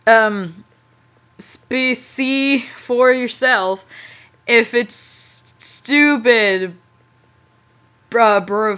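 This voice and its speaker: A young woman reads a story aloud and keeps stopping to react in disbelief, her fairly high voice breaking into giggles. Her delivery is casual and exasperated. The audio is muffled and lo-fi. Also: a bit bright. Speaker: host, fanfiction reader. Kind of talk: comedic reading with commentary.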